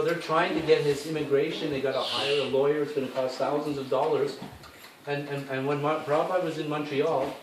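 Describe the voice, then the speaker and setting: A Canadian man giving a rambling, informal talk to a gathering at a temple, with lots of asides and restarts. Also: fairly high pitch. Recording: echoey hall, speaker far from the mic, faint hiss.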